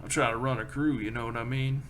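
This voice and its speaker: A man voicing a rough, friendly young cowhand who swears freely and talks shop. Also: medium pitch, fairly even intonation, fast, a bit bright, slight background noise, close to an everyday voice. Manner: crude, swearing, backslapping.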